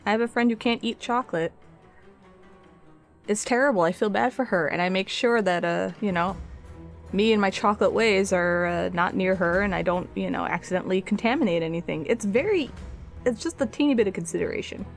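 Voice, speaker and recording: A woman's voice: mid-range voice, brisk, faint music behind. A woman streaming her art, chatting casually and a bit sassily with her viewers while she paints. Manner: chatty, sassy, talks to chat.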